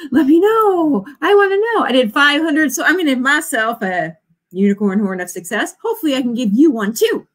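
A woman's voice: sits high, lively intonation, moderate pace, long pauses. A woman in her forties, an author hosting a writing sprint livestream in a casual, bubbly way, often cheering her viewers on with whoops. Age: 40s.

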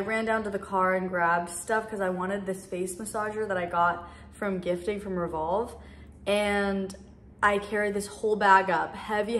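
A woman's voice: mid-range voice, fairly bright tone, a little hiss or hum. Young woman vlogger, mid-range voice, casual rambling chat, echoey apartment room. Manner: chatty, rambling, lots of "like". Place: her apartment. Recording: roomy echo.

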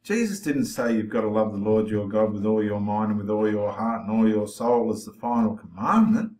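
A man's voice: lowish voice, a little fast, a little mellow. A man preaching with passion to the camera, confronting and challenging his listeners directly. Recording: roomy echo.

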